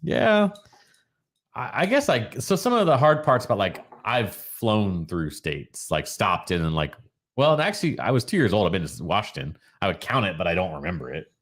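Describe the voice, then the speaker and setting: A man's voice: on the low side, sing-song, moderate pace, husky. A man co-hosting a casual live show over drinks, playful and fond of trying out silly regional accents. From Florida. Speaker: podcast co-host.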